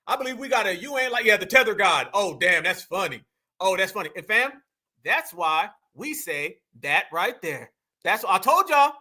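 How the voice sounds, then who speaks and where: Heated high-voiced man reacting live. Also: very animated, moderate pace, bright, forceful tone. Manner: heated, mocking, addresses chat as family. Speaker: livestream host. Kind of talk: reacting to a video on a livestream.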